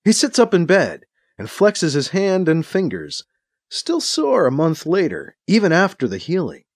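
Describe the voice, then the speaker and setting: A man narrating a science fiction audiobook in a dramatic, expressive reading. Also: a little high, a little slow, no room sound, studio quality. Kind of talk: audiobook narration, acting out scenes.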